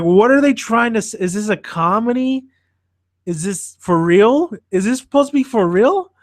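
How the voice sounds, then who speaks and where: A man hosting a podcast, chatting casually and rambling about films in an excitable, profane way. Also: on the high side, no echo, studio quality. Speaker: podcast host reviewing films. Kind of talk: casual chat.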